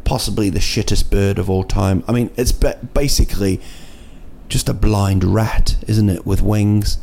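Recorded in an indoor city room at night with slight background noise, a man hosts a casual solo podcast. His lowish, warm voice has vocal fry and fairly even intonation, runs a little slow, and rambles through jokes with frequent fillers and restarts.

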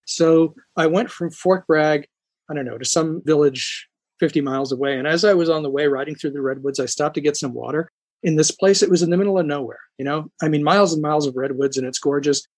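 A man from New York with a husky, fairly high voice tells stories as a podcast guest. He restarts his sentences often and keeps an animated, conversational flow. The recording is close and dry. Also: fairly quick, dry recording. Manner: animated storyteller, frequent restarts. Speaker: psychologist guest.

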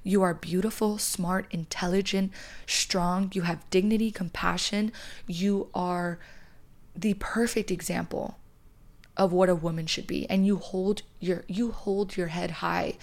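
A woman's voice: fairly low pitch, gravelly, darkish tone. A young woman hosting a podcast, giving emphatic, blunt breakup advice and swearing freely. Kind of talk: advice monologue.

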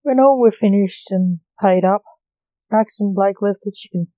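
A woman reading a homemade story aloud in a slow, even manner. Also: mid-range voice, dry recording, rough recording.

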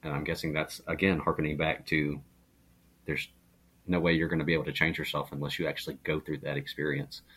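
A man's voice: very deep voice, level tone, brisk, fairly bright tone, slightly rough. A man talking in a casual podcast chat, reflective and earnest, often restarting his sentences. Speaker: podcast guest.

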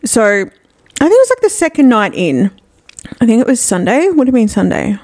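Sweary woman, lively pitch. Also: normal speed. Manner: crude, sweary storytelling banter. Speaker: podcast co-host. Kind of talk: casual chat.

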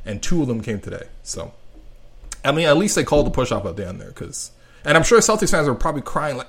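A young man from Canada hosting a solo sports podcast, talking in a sarcastic, rambling and excitable way. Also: medium pitch, fast talker, breathy edge. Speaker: podcast host.

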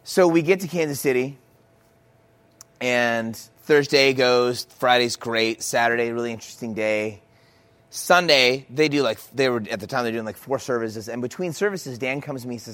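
A man's voice: mid-range voice, normal speed, fairly bright tone. Chatty man telling a sermon story. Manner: chatty, self-mocking storytelling building to emphatic points. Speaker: worship leader and speaker.

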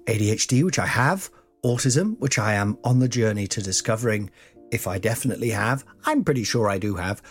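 A comedian in his forties hosts a comic podcast in a husky, mid-range voice. He rambles and mocks himself, jumping between silly voices.

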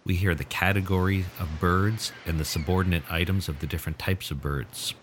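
A man with a very low voice presenting a lesson, explaining points with enthusiasm. A faint hiss runs underneath. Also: fairly even intonation, brisk. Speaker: teacher presenting a lesson on child language. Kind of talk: instructional presentation.

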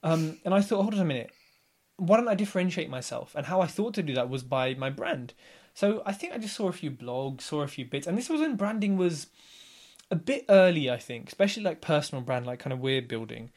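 Animated man, storytelling podcast guest. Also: a little high, brisk. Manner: animated storyteller, acts out others' lines. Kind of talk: casual podcast chat.

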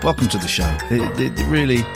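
A man's voice: mid-range voice, animated, quick pace, creaky. A man hosting a comic radio show in a rambling, flustered, self-mocking way. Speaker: radio comedy host. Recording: music playing behind the voice.

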